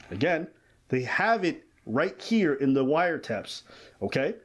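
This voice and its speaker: A man's voice: a little high, sing-song, a little slow. A man hosting a podcast, giving emphatic casual commentary on a legal case. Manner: emphatic, reads quotes aloud in dramatized voices. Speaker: podcast host.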